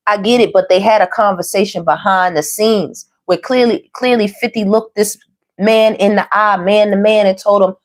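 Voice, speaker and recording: A woman's voice: medium pitch, steady tone, moderate pace. A woman giving a casual tarot reading, chatty and slangy, talking to viewers as y'all and baby. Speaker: tarot reader.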